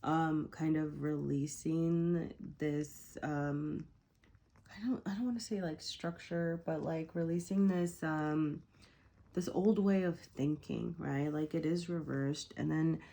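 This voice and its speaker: A woman with a low-pitched voice gives a casual tarot reading in a loose, rambling way. She hesitates often, leans on fillers and tag questions, and keeps correcting herself and apologizing. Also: fairly even intonation, takes it slowly, vocal fry, mellow. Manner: rambling, hesitant, many fillers and rhetorical "right?". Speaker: tarot reader.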